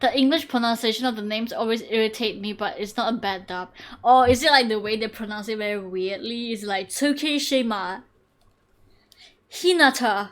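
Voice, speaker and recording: A young woman streamer chatting casually over a game, excitable and gushing, swearing freely. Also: fairly high pitch, normal speed. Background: faint game music.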